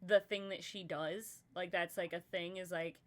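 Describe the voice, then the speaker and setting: A woman's voice: on the low side, steady tone, moderate pace, fairly bright tone. A woman co-hosting a casual brainstorming chat, rambling with lots of "like" and breaking into giggles. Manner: giggly, rambling, heavy "like" filler. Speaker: podcast co-host.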